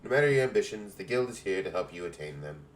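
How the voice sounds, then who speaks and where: This low-voiced man races through game dialogue, playing the dignified, maternal head of an adventurers' guild. His delivery is animated, the English accent is put on, and the speech is lofty and old-fashioned; a faint hiss or hum sits underneath.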